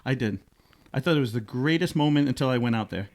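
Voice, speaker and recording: A middle-aged man from Rhode Island hosting a podcast in casual chat, often laughing and slipping into silly voices. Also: fast talker. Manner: animated, jumps into high silly voices when quoting, laughs often. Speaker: podcast host.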